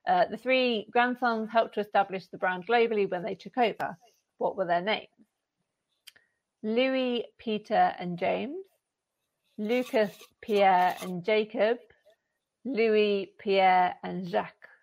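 A woman's voice: medium pitch, slow. A woman hosting a casual podcast quiz, who laughs often while reading out questions.

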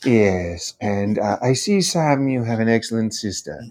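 A stern imperial grand admiral speaks in measured, formal politeness, as a man puts him on in a voice message. The voice sits on the low side. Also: expressive, darkish tone. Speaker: listener leaving a voice message.

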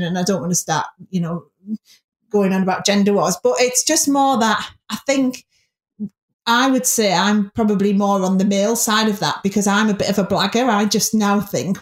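A woman with a Northern English accent, a broadcaster chatting candidly as an interview guest. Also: mid-range voice. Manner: chatty, candid, quick asides. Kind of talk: casual interview chat. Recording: roomy echo.

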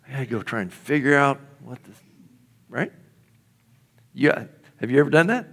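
A man's voice: mid-range voice, lively intonation, normal speed, gravelly, pauses often, a bit bright. A middle-aged male pastor preaching a sermon in a conversational way, often asking the congregation questions.

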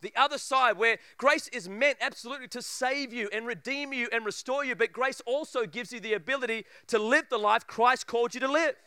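A preacher telling a funny story in a sermon, acting out voices and laughing often. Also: male voice, very high voice, brisk, hardly any pauses, sharp tone, smooth, no echo, clean studio sound.

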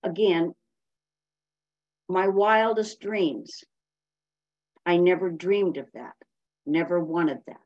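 A woman's voice: fairly low pitch, slow, long pauses, darkish tone, no room sound, dull audio. A woman giving a blunt, emphatic personal share as a speaker at a recovery meeting.

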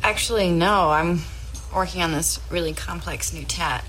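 A woman's voice: on the low side, normal speed, fairly bright tone, slight background noise, natural voice, rough recording. A woman playing a blunt, weary tattoo artist in an ad skit, with a dry, exasperated way of telling things. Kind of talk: ad skit acting.

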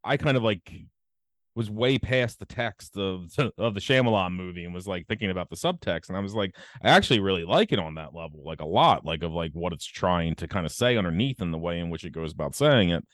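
A man's voice: deep voice, lively intonation, a little fast, dry recording, studio quality. A man hosting a podcast in casual chat, rambling and profane with many fillers. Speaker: podcast host.

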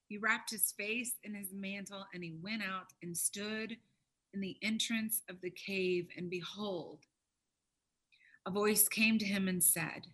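A woman preaching a sermon with emphatic stresses, swinging from loud, ringing peaks to hushed, low tones. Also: poor audio.

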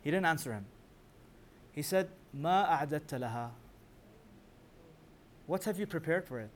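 Male religious teacher, slightly high voice, rapid recitation, keeps quizzing the room. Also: animated, slight background noise. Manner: quizzes listeners with rhetorical questions; recites scripture in rapid chanting. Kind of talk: Quran commentary class.

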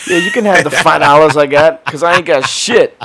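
A man's voice: on the high side, a little fast, fairly bright tone, a little hiss or hum. A man with a New York accent hosting a casual podcast chat, joking and swearing. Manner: joking, profane. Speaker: podcast host.

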